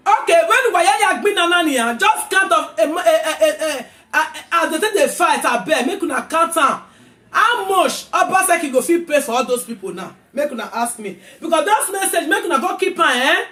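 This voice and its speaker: A woman with a Nigerian accent, ranting angrily in a vlog, repeating herself and often shouting. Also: very high voice, animated, normal speed, reverberant. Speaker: vlogger. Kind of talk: angry rant to camera.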